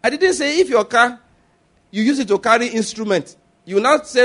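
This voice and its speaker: A man delivers a sermon in a bright, high-pitched voice. He is animated and storytelling, mimicking the people he quotes and laughing between points. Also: fairly quick. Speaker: pastor.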